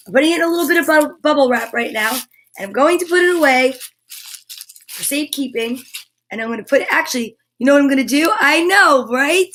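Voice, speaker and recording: A woman hosting a casual vlog, gushing warmly and affectionately to her viewers in an unhurried way. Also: high-pitched, rough recording. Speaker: comedian and vlog host.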